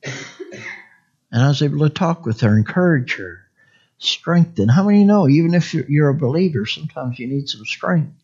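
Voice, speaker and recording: A man's voice: a little high, animated, normal speed, darkish tone, breathy edge, lo-fi sound. A man preaching a conversational sermon, rambling and folksy, often asking the congregation for an amen.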